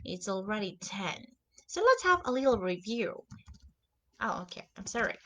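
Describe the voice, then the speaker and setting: A woman's voice: medium pitch, big pitch swings, normal speed, fairly bright tone. A young woman teaching English vocabulary in a casual lesson, repeating each new word and example sentence aloud.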